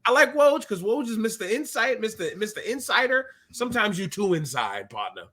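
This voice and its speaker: A man's voice: high-pitched, fairly quick. A man in his thirties co-hosting a casual basketball podcast, jokey and easily distracted. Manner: animated, jokey, distracted mid-talk. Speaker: podcast co-host. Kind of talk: casual sports chat.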